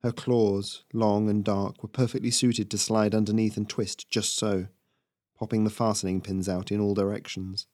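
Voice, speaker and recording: A man narrates a fantasy story in a measured, steady delivery. His voice is fairly low and the recording is dry and close with no room sound. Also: no room sound. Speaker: fiction narrator.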